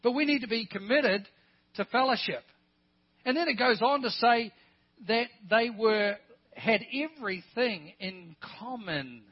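A man's voice: very high voice, lively intonation, measured pace, slightly rough. An older man preaching a sermon at a church service, emphatic and full of rhetorical questions and joking asides. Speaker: pastor. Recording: dull lo-fi sermon recording.

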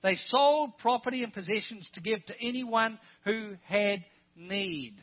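An older male pastor preaches with a high-set, husky voice, driving his points home with rhetorical questions and the odd joke. The recording is dull and lo-fi, as if captured from a church service. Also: animated, measured pace. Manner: emphatic, with rhetorical questions and joking asides. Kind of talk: sermon.

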